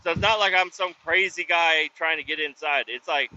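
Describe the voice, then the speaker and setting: On a dull, lo-fi recording with faint background ambience, a roadside service worker swears his way through loose, rambling vlog stories that drift from one to another. He talks briskly, his voice on the high side, bright and forceful.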